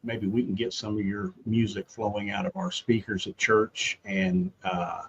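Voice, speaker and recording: A man's voice: fairly low pitch, flat delivery, a little hiss or hum. Older man co-hosting, dull audio. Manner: easygoing, halting with fillers. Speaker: podcast co-host. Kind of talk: casual interview chat.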